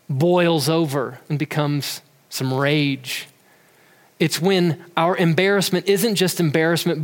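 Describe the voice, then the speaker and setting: A man's voice: on the high side, fairly bright tone. A man giving an earnest, conversational talk about emotions who sometimes repeats words as he goes. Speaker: speaker on emotions. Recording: long hall reverb.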